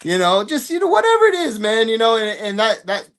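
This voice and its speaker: A man's voice: high-pitched, very animated, fairly quick, a bit bright. A man talking casually as an interview guest, rambling and swearing, with lots of fillers. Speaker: guest fighter.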